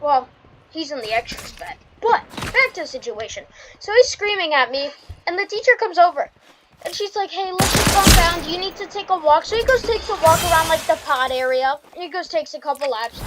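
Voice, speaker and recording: A teenage girl with a high voice rambles through a casual storytime while she plays, packing her talk with "like". Loud game music blares behind her the whole time. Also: low-quality recording. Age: teens. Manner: rambling, heavy filler "like". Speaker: streamer.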